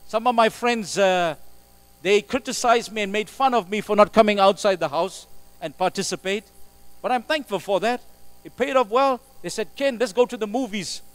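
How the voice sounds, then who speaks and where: A man preaching a sermon as pastor, emphatic, moving between loud exclamations and quiet asides. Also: high voice, normal speed, clear, resonant tone, no room sound, low-quality recording. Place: church sanctuary. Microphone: live stream recording.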